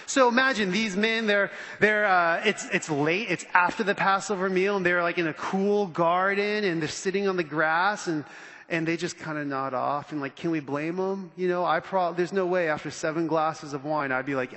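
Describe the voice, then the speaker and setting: High, bright-voiced man preaching. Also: moderate pace, long reverb tail. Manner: animated, conversational, acts out quotes. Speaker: pastor. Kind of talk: sermon.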